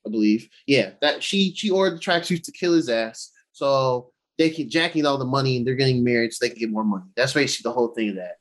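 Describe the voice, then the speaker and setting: An excitable co-host of a casual show retells an episode, cursing as he goes. He keeps toggling between his normal voice and quick character impressions, with lively ups and downs in pitch.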